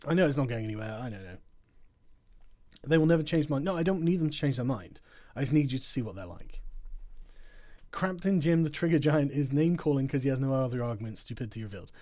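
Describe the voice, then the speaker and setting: A man with a medium-pitched, dark-toned voice talks fast and expressively. Hosting a late-night livestream, he sounds tired as he reads out super chats, laughing often and swearing in a mocking way during the casual chat.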